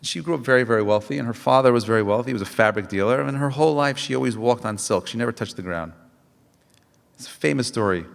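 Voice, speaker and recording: A rabbi delivers a Tisha B'Av lecture, his voice sitting at an ordinary male pitch. He presses the audience with rhetorical questions and tells stories with frequent restarts. A long hall reverb trails every phrase. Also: quick pace, gravelly. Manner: impassioned, full of rhetorical questions.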